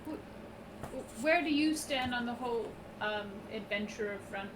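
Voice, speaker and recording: A woman's voice: on the high side, moderate pace. Distant woman player, noisy line. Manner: polite, probing questions. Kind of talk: playing a character in a tabletop game. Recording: distant noisy mic on a call.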